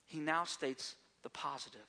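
A male pastor delivers a sermon with a bright, slightly high voice. He keeps a conversational preaching style and often throws rhetorical questions to his congregation. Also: steady tone, normal speed.

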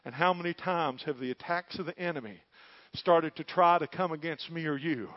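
A man delivers a folksy, impassioned sermon, his slightly high voice climbing to loud peaks. The sound is dry and close, with a somewhat dull, muffled tone. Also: normal speed, dry recording. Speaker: preacher.

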